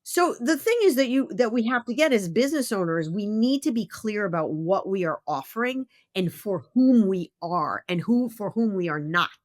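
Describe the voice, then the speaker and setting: A woman's voice: medium pitch, lively intonation, normal speed, few pauses, a little mellow, dry recording, studio quality. A middle-aged woman hosting a podcast interview, talking bluntly and emphatically, with some swearing. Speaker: podcast host. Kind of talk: casual interview chat.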